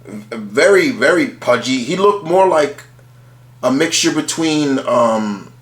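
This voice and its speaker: A man's voice: medium pitch, expressive, slow, reverberant. A man casually talking through a ranked list of favourite cartoon characters, rambling and restarting often, with casual swearing. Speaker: channel host ranking cartoon characters.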